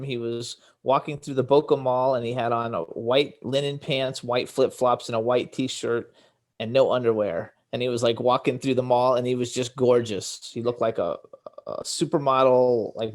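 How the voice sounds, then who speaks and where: A man recalls things in a casual interview, laughing often and rambling with filler words. His voice sits at a middle pitch. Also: steady tone, moderate pace. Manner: giggly, rambling, lots of fillers. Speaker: radio show host, interviewee.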